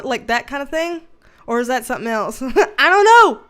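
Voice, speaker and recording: A woman's voice: sits high, big pitch swings, normal speed, a bit bright, smooth. A woman with a Southern US accent, hosting a casual livestream and chatting loosely as she reads viewer comments aloud, laughing often. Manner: chatty, loose and colloquial with mild swearing. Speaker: livestream host and tarot reader.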